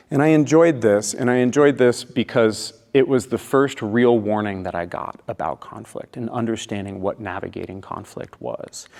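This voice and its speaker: A man's voice: lowish voice, vocal fry. A man giving a storytelling talk at a conference, acting out scenes and leading the audience. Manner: animated, acts out scenes and leads the crowd. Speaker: conference speaker. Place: conference hall. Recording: long reverb of a large hall.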